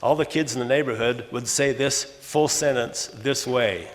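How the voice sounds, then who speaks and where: A man in his sixties, a retired English teacher, lecturing in a halting, teacherly way with many restarts. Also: mid-range voice. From Los Angeles, USA. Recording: long hall reverb.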